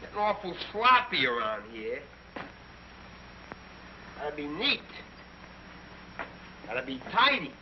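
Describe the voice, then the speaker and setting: A folksy army sergeant from an old TV sitcom who nags about tidiness. His high voice swoops up and down. The old TV sound is dull. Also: sing-song, takes it slowly, long pauses, a little hiss or hum. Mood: fussy. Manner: folksy, nagging about neatness.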